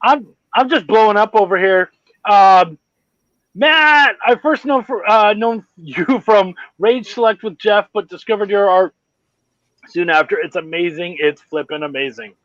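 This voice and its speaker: An excitable Canadian man hosts a casual chat with a high, lifted voice, swearing freely as he goes. The sound is dry and a little dull, with no room behind him. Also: unhurried, no room sound. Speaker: podcast host.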